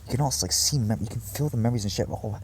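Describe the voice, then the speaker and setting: A man's voice: medium pitch, very fast, a little mellow, slight background noise. A man talking to his viewers in a rambling, intense monologue, swearing often and restarting his sentences. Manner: intense, profane, wandering, many fillers and restarts. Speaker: vlogger addressing his viewers.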